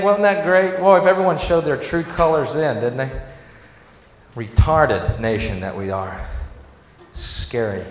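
A man doing a sarcastic stand-up rant, dropping to low mutters and then shouting. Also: roomy sound, big-room sound, a little hiss or hum. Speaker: stand-up comedian.

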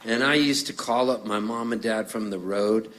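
A man's voice: on the low side, normal speed, noisy background. A middle-aged man from Canada telling jokey stories on stage between songs, acting out voices as he goes. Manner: animated, jokey, acts out voices.

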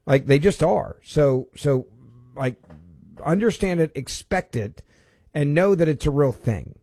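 A man's voice: on the high side, lively intonation, a little slow, mellow, dry recording. A man hosting a political call-in radio show, talking emphatically with frequent restarts and repeated words. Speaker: radio talk show host. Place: radio studio. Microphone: studio microphone.

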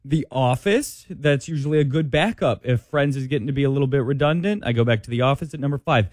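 A man, a producer co-hosting an entertainment show, reading a ranked list with quick asides. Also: mid-range voice, darkish tone, no echo, clean studio sound. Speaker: producer and co-host. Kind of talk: casual entertainment chat.

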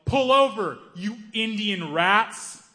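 A man voicing an angry, hotheaded young bully who shouts threats. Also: high-pitched, animated, slow, pitched above the performer's own voice, heavily acted. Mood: hostile. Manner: shouting, aggressive.

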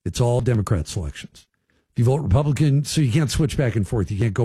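A man's voice: medium pitch, animated, fairly quick, dark tone, husky, dry recording. A man hosting a radio talk show, chatting casually with listeners and riffing on the news with folksy asides. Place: radio studio.

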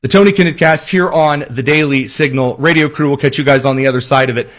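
Male radio talk host, husky, sarcastic, emphatic. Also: mid-range voice, fairly even intonation, fast talker, a bit bright. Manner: sarcastic, mocking, emphatic repetition. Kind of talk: political commentary monologue.

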